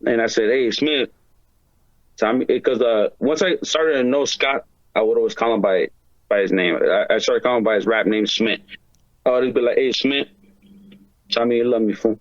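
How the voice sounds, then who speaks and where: A man's voice: mid-range voice, normal speed, dry recording, muffled recording. A man talking as a podcast guest in casual chat, rambling and profane, with lots of filler words and slang.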